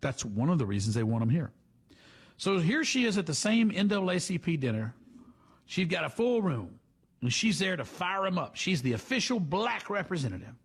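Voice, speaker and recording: A man's voice: high voice, sing-song, normal speed, breathy edge. A man hosting a talk show, delivering sarcastic, opinionated commentary. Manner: sarcastic, mocking. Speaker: radio host.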